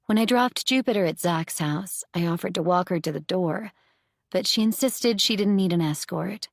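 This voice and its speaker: A woman narrating a first-person thriller audiobook in a measured, intimate way, close to the mic. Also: on the low side, creaky, no echo.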